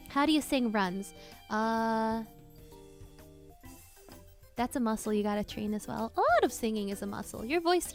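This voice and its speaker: A woman VTuber streamer giving casual singing tips to her chat, loose and full of fillers. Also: a little high. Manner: chatty, loose, many fillers and restarts. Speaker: VTuber streamer and cover singer.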